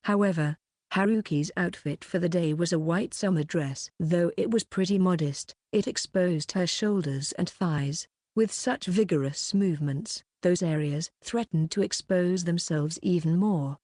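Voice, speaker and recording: A woman with a lowish voice narrates a light novel audiobook, reading the scripted text in an even, measured way. The studio sound is clean, with no echo.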